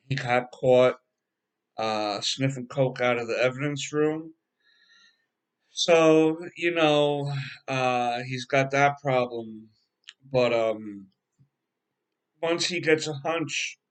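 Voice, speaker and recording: A man casually recapping a TV episode as a reviewer, halting and rambling with frequent filler words and a laid-back, slangy way of talking. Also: mid-range voice. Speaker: TV show reviewer.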